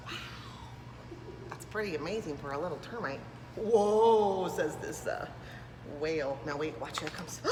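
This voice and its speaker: A woman's voice: mid-range voice, a little slow, slight background noise. A woman reading a picture book aloud to preschoolers, enthusiastic and doing voices. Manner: animated, enthusiastic, does voices. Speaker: preschool storyteller. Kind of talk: children's read-aloud. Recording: echoey room with long reverb.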